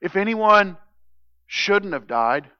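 A man preaching a sermon as pastor, emphatic, swinging from loud declarations to hushed intensity. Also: high voice, very animated, slow, smooth, highs cut off.

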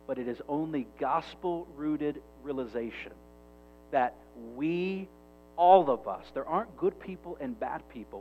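Brief: male pastor, emphatic conversational sermon, dull lo-fi recording with faint music underneath. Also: medium pitch.

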